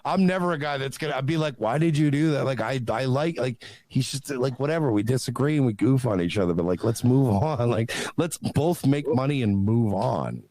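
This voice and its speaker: Rambling animated male caller. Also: mid-range voice, no echo. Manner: rambling, animated, does quick mocking voices. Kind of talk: casual chat on a livestream call.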